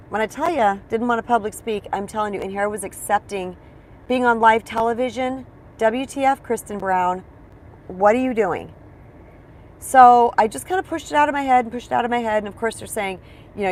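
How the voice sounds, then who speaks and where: Woman coach, chatty and expressive, narrating her own stories in a relaxed talk to camera. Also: medium pitch, slight background noise. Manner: chatty storytelling, addresses viewers as "you guys"; expressive, acts out her own past reactions. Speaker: life coach. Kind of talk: casual motivational talk to camera.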